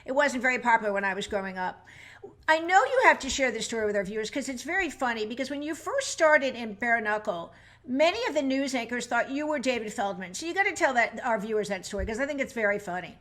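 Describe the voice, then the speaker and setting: A woman's voice: on the high side, expressive, fast talker, a bit bright. A woman host interviewing a guest in a bubbly, enthusiastic way. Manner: bubbly, enthusiastic, laughs often. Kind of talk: upbeat interview.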